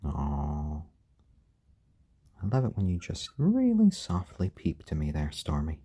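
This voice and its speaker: A man hosting a casual live stream at home, gently chatting to viewers and talking softly and fondly to his baby chickens. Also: low voice, wildly swooping pitch, moderate pace, slightly rough.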